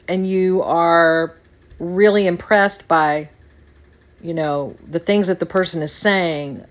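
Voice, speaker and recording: A woman hosting a podcast, talking casually in a rambling monologue and repeating phrases for emphasis. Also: fairly low pitch. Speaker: podcast host.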